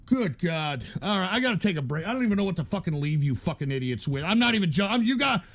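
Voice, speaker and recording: A very high-pitched, gravelly man rants furiously at his chat. He stammers and spits out long strings of crude insults, sounding thoroughly angry. His voice stays raspy and shrill throughout. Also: sing-song, fast talker. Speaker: live show commentator. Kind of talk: profane ranting at chat.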